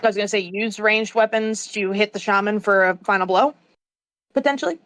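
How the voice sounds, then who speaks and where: A woman's voice: mid-range voice, brisk, fairly bright tone, dry recording. A woman playing in a tabletop game, chatting casually and asking questions. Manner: conversational, questioning. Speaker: player.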